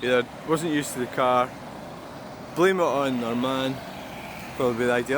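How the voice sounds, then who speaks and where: A man's voice: mid-range voice, moderate pace. A man rambling and grumbling as he vlogs beside a busy roundabout, swearing freely. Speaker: truck-spotting vlogger. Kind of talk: casual rambling monologue. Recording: outdoor traffic noise. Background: passing cars and trucks.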